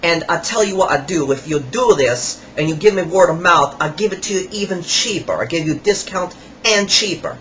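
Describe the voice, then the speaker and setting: A man doing a pushy Russian-accented kiosk salesman. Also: fairly bright tone. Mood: pushy, pitching. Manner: broken English, slow insistent sales pitch. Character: pushy male kiosk salesman hawking creams.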